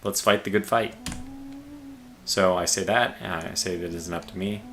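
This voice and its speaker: Man, low pitch, bright tense tone, casual game livestream, rambling. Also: steady tone, normal speed. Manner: rambling, thinks aloud with many fillers; calls himself a quiet guy. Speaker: game streamer.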